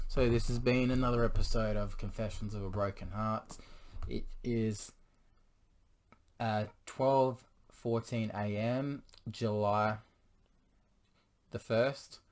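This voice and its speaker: A hoarse man who is losing his voice speaks in an earnest, pleading monologue aimed at his partner. He keeps stopping to clear his throat. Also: fairly low pitch, darkish tone. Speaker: vlogger addressing his partner. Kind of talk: confessional monologue to camera.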